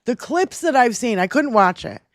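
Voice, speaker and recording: A woman's voice: on the high side, moderate pace, no room sound, studio quality. A woman co-hosting a casual political chat podcast, ranting angrily with lots of swearing. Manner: angry, profane, animated ranting. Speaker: podcast co-host.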